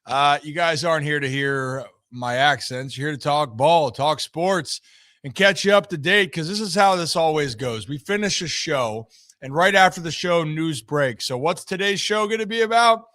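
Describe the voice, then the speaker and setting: A man's voice: a little high, moderate pace, a bit bright, no room sound, clean studio sound. A man hosting a live sports talk show, chatting upbeat and straight to his viewers.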